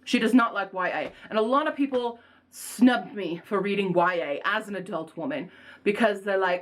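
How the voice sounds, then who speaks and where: A young woman chatting casually to camera as a book vlogger, animated, rambling and self-mocking. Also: medium pitch, normal speed.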